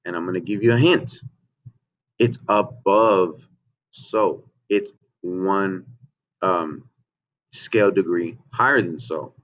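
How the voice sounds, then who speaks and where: Patient male music teacher, low voice. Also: takes it slowly, pauses often, fairly bright tone. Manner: patient, repeats "okay?" and "right?" to check in. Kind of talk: remote music lesson for children. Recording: dull lo-fi home recording.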